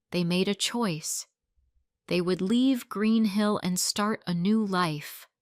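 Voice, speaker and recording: A woman's voice: fairly low pitch, no room sound, studio quality. A woman reading a simple love story aloud as narrator for English learners. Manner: slow, clear, simple storytelling.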